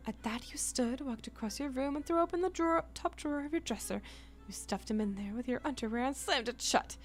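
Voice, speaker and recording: A woman's voice: high-pitched, soft background music. A woman streamer reading a game's story text aloud and breaking off for casual asides. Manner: plain reading voice, quick chatty asides to chat.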